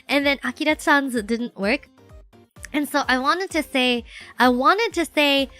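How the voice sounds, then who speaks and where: Bright, high-pitched bubbly woman streamer. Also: slow, long pauses, soft background music. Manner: bubbly, animated, self-deprecating; many fillers, switches between English and Japanese. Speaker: livestreamer. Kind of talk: casual livestream chat.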